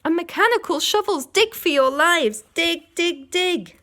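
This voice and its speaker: A brave father fox calls out in a raised, urgent voice to keep his family going, as a woman puts him on. The pitch sits high and swings in a lively way, like a storybook read aloud. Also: normal speed.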